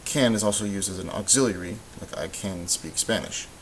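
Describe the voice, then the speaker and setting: A man teaching a recorded Spanish grammar lesson, explaining in a relaxed way with lots of ums and uhs. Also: low-pitched, brisk, rough recording. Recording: faint hiss.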